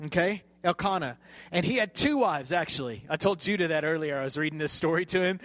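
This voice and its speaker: A man's voice: on the high side, quick pace, fairly bright tone. A man preaching a sermon, retelling a scripture story in a conversational way and often checking that his listeners are following. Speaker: pastor.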